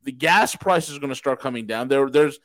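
A man's voice: mid-range voice, fairly quick, fairly bright tone, no echo, rough recording. A man hosting a podcast, giving a casual but heated markets commentary, asking himself rhetorical questions and swearing for emphasis. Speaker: podcast host.

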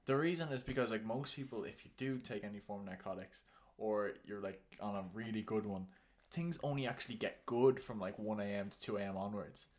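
A man's voice: on the low side, brisk, a little mellow. A young Irish man, a guest in a casual chat among friends, talking bluntly and jokingly and swearing freely. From Ireland. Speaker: podcast guest.

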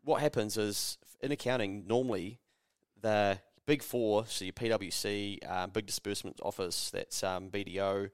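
A man's voice: on the low side, steady tone, normal speed, smooth, dry recording, clean studio sound. A young man, telling stories in a casual, sweary podcast chat and acting out the people in them. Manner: sweary storytelling, acts out the people in his stories. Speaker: podcast co-host.

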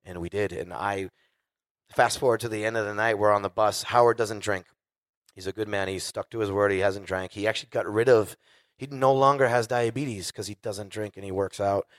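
A man telling stories on stage with animated delivery, swearing constantly and acting out other voices. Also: on the low side, brisk, no echo, clean studio sound. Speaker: guest musician telling stories. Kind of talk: casual storytelling on stage. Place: live show before an audience.

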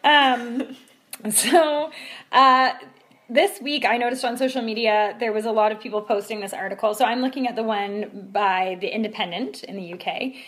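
A woman co-hosting a casual discussion podcast, talking in an animated, indignant way with many fillers. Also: a little high, moderate pace. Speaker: podcast co-host.

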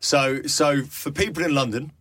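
A man in his late twenties, a radio presenter, chatting in a casual interview and telling stories in a jokey, animated way. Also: a little high, normal speed, no room sound, clean studio sound. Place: London.

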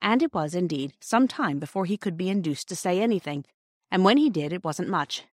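A woman's voice: fairly low pitch, expressive, fairly quick, no room sound. Woman reading a storybook, dry sound. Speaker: audiobook reader. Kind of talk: storybook narration.

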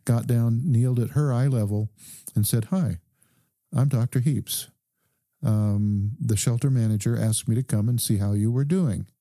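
A man, a doctor guest on a podcast, calmly telling a story and quoting the people in it. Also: lowish voice, dry recording, studio quality. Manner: calm, measured recounting with quoted dialogue. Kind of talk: conversational storytelling.

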